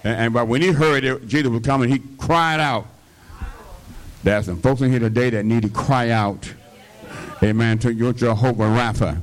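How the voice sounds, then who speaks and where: An older pastor preaches a sermon, packing his lines with amens, hallelujahs and call-and-response, and coughs slightly. His voice is mid-range at a moderate pace.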